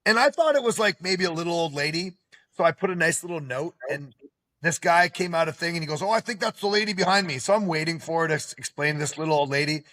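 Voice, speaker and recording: A man hosting a podcast in casual, animated chat, often stopping to add "okay?" to drive his point home. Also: fairly high pitch, fast. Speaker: podcast host.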